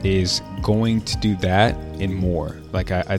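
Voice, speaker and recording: Deep-voiced upbeat male podcast host. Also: fairly even intonation, measured pace, over music. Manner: upbeat, friendly, chatty, with frequent fillers. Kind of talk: casual podcast interview.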